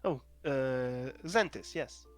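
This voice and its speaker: Slow, hesitant male game master. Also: mid-range voice, soft background music. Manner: hesitant, many fillers and restarts. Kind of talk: narrating a tabletop game.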